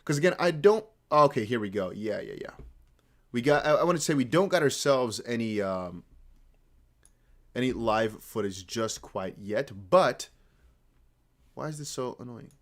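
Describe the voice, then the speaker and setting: Speaking at a moderate pace with frequent pauses, this man from the Netherlands hosts a crypto livestream in a mid-range voice. His accent is close to American with a faint Dutch tinge, and he rambles in an animated, casual way to chat.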